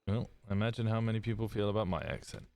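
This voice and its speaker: An English streamer talking to his viewers between scenes, with a low, smooth voice. His tone is chatty and self-deprecating. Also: quick pace, a little mellow. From England. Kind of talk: casual chat with viewers.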